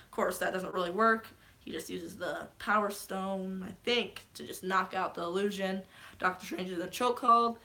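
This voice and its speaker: A woman casually recapping a movie's plot in a vlog, excitable, swearing freely and geeking out. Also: medium pitch. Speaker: vlogger.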